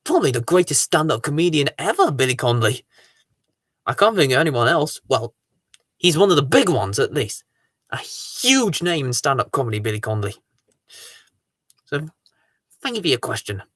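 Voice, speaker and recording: A host of a live Q&A stream, greeting viewers and reading their comments aloud in an excitable, sing-song way. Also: mid-range voice, moderate pace, long pauses, no echo, studio quality.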